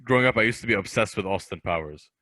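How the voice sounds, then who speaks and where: Chatty young man with a bright voice. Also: on the low side, quick pace, slight background noise. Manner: animated, chatty, drops into voices. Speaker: guest comedian. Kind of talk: casual interview chat. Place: podcast studio.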